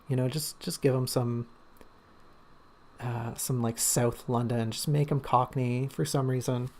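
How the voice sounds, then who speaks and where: A man's voice: mid-range voice, creaky, a little mellow. A man talking casually on a livestream about his writing draft, thinking aloud with lots of fillers and restarts. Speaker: writer discussing his draft on stream.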